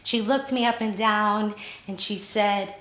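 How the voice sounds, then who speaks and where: A woman telling a personal story live, animated and laughing through the telling. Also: mid-range voice, measured pace. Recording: roomy echo.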